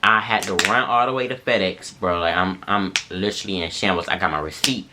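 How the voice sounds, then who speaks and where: A young man casually telling a story to viewers, animated and full of slang. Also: low-pitched, fairly quick, background noise. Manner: animated slangy retelling, addresses viewers as y'all and bro.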